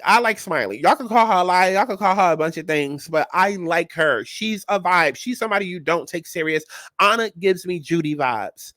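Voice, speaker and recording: A man hosting a reality TV recap, talking in a sassy, animated and profane way and repeating his punchlines. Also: sits high, no echo. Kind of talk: casual commentary.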